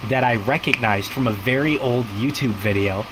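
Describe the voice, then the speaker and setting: A man chats casually and rambles through a long story, stacking up fillers and acting out what everyone said. His voice sits at an ordinary pitch. A steady hum of noise runs underneath him. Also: normal speed. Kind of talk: casual chat.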